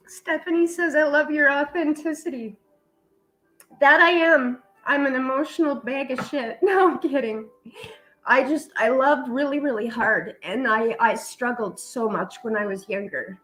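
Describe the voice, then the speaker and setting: A woman's voice: high-pitched, a little slow, fairly bright tone, faint music behind, low-quality recording. A middle-aged woman hosting a casual chat, talking in a heartfelt, tearful way and swearing casually. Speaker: vlog host.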